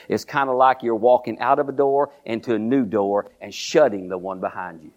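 A man's voice: mid-range voice, fairly quick, few pauses, a little mellow. Older man, pastor preaching, repeats lines for the crowd, dull lo-fi recording. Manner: repetitive call-and-response preaching with many restarts. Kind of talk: sermon.

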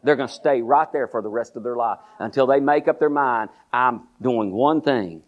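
A man's voice: medium pitch, a little fast, muffled recording. An older man, preaching a sermon as pastor, repeating lines and calling the congregation to say them with him, often restarting his sentences. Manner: repetitive call-and-response preaching with many restarts.

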